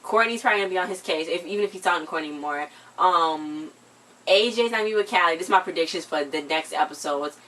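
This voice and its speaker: A young woman co-hosting a casual TV recap, retelling scenes in an animated way and acting out the characters' lines. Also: fairly low pitch, quick pace, far from the mic. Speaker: co-host of a TV recap channel. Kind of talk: casual chat, TV episode recap.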